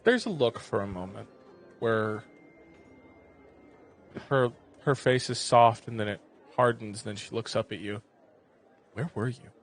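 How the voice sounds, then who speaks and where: A man narrating a tabletop game as game master, describing scenes in a relaxed way with plenty of filler words. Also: lowish voice, a little slow, pauses often, faint music behind.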